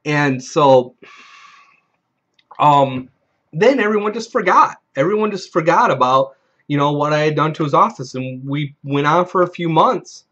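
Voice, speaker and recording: A man's voice: a little high, animated, a little slow, fairly bright tone. A man hosting a video, casually telling a rambling, profane story from a tabletop game and acting out the players he quotes. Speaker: video host. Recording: dull lo-fi recording.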